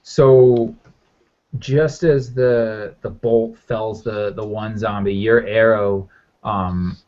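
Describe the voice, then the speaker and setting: A man's voice: fairly low pitch, steady tone, extremely slow, darkish tone. A man narrating as game master in a loose, rambling way with lots of fillers. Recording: muffled lo-fi audio.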